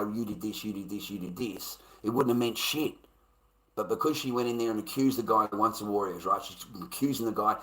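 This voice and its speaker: An Australian man chatting on a livestream, swearing freely as he rambles and lectures his viewers. His voice sits low but sounds bright and forceful, and it jumps up into loud bursts when he gets worked up. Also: rough recording. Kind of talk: casual rambling livestream chat.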